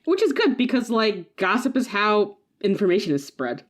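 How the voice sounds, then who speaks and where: A woman's voice: mid-range voice, very animated, moderate pace. A woman co-hosting a podcast, chatting casually and animatedly about a movie, laughing often and using lots of "like" fillers. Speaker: podcast co-host. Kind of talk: casual chat.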